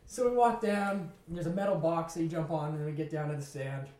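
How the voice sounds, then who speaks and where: A young man casually telling a story in a lively way, acting out what people said. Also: a little high, fast talker. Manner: animated, laughing, acts out quotes. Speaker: podcast co-host telling a story. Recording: echoey room.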